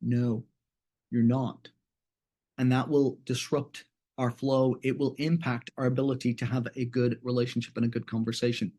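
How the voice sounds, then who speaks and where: A middle-aged man presenting a webinar and teaching, talking conversationally and acting out bits of dialogue in other voices. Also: mid-range voice. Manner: animated, acts out dialogue in different voices. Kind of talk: conversational training talk with acted examples.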